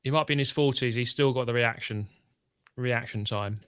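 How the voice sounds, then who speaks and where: A man's voice: medium pitch, normal speed, a bit bright, clear, resonant tone. A man co-hosting a live stream, chatting casually over a race and reading viewer tweets. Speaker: stream co-host. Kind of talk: casual live race watch-along chat.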